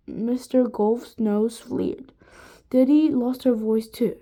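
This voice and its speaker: Slow, mellow woman reading a storybook. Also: fairly high pitch. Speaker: reader. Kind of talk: reading a children's chapter book aloud.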